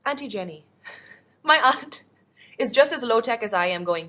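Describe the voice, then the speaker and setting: A young woman from the Philippines, an actress, answers fan questions in a casual, upbeat webcam Q&A from indoors at home, rambling into asides. Her voice is a little high, expressive, and fairly bright, at normal speed with long pauses.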